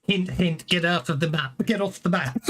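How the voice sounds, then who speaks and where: A man's voice: high-pitched, a bit bright, slight background noise. A man running a tabletop game as game master, chatting casually and laughing often.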